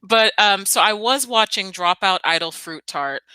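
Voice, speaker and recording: Bright, animated young woman. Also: mid-range voice, clean tone, no echo. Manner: animated, emphatic, quick asides. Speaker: podcast co-host. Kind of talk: casual podcast chat.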